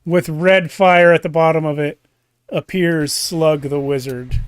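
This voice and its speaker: A man narrating as game master of a tabletop game, relaxed and chatty, livening up during action. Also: fairly high pitch, unhurried, clear, resonant tone, no room sound. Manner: relaxed, with fillers and restarts, lively when describing action.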